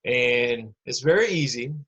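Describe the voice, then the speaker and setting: A man's voice: medium pitch, lively intonation, a little slow, fairly bright tone, slightly rough, muffled recording. A man teaching an online lesson to schoolchildren, talking casually with many fillers and encouragement.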